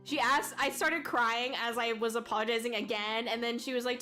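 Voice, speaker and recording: A young woman chatting on a stream with a bright, forceful tone and a slightly high voice. She rambles through a story, using many fillers and restarting her sentences, and she laughs often. Soft music plays faintly in the background. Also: fairly quick, few pauses. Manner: laughs often and gets loud when excited. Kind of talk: casual chat.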